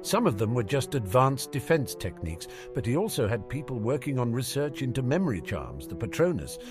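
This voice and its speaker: A man's voice: mid-range voice, fairly quick, over music, voice pushed up, close to an everyday voice. A man voicing an awestruck teenage boy wizard. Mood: amazed. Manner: excited, quietly amazed.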